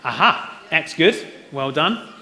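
A man's voice: fairly high pitch, expressive, slow, bright, forceful tone. A man preaching an Easter sermon, talking conversationally and putting questions to the congregation. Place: church hall. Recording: roomy hall echo.

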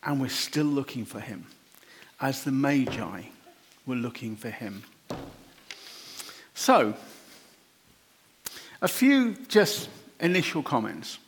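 A man preaching an informal, chatty sermon, animated and quick to laugh. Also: medium pitch, slight background noise.

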